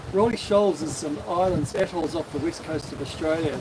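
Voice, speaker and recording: Kiwi male sailing vlogger, upbeat and rambling, fairly high voice, live from the deck with wind noise. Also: moderate pace. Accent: New Zealand. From New Zealand. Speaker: sailing vlog host. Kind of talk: casual live-stream chat. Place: on a sailboat at sea, outdoors.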